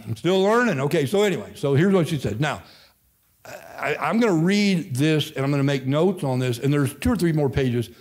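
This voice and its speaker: Man in his fifties, Midwestern American accent, pastor emeritus, folksy rambling Bible study teaching, mid-pitched voice, church classroom. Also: expressive, moderate pace. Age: 50s. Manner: folksy, rambling, self-interrupting.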